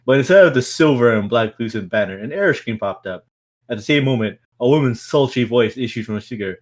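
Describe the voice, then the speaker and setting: A man's voice: mid-range voice, lively intonation, fast. A man reading a novel aloud on a stream in a casual way, with stumbles, restarts and stifled laughs.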